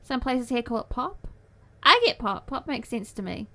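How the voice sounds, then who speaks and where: A woman's voice: a little high, big pitch swings, normal speed, fairly bright tone. A young woman livestreamer chatting casually with her viewers from her desk at home, playful and giggly, with cutesy baby-talk phrasing. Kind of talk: casual chat with stream viewers.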